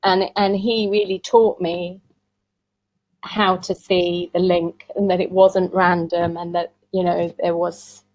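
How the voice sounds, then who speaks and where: A woman's voice: fairly low pitch, flat delivery, slow, darkish tone, no echo, rough recording. A woman, a tarot reader chatting as an interview guest and telling stories with frequent laughs. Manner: chatty storyteller who laughs often. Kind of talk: casual conversational interview.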